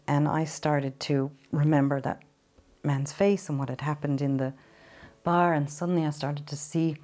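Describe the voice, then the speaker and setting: A woman from Ireland giving an earnest, halting personal testimony in an interview, sometimes emotional. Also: low-pitched, fairly even intonation, mellow. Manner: earnest, halting storytelling with restarts. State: emotional at times. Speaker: interview guest.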